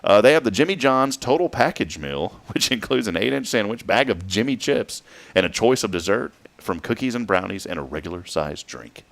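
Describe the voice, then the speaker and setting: A man's voice: fairly low pitch, sing-song, fairly quick, gravelly, fairly bright tone. A man hosting a morning show, joking and riffing through a news roundup. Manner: jokey, playful, riffs on the news. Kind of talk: casual chat and news roundup.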